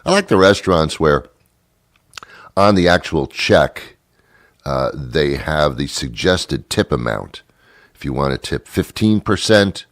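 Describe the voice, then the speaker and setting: A talk show host with a very low voice, rambling through a sarcastic comic monologue. He mock-scolds and pokes fun at himself. The sound is dry and close. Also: fairly bright tone, no room sound. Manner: self-mocking asides. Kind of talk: comedic monologue.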